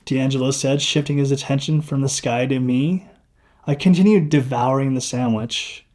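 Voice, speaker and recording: A man reading his own novel aloud in the first person with a dry throat, expressive and acting out the dialogue. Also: medium pitch, moderate pace.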